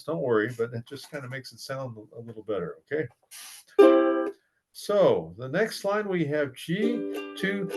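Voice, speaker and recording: Lively man teaching ukulele over strumming. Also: on the high side, rough recording. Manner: patient, counts beats aloud while playing. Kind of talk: ukulele lesson. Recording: loud ukulele under voice.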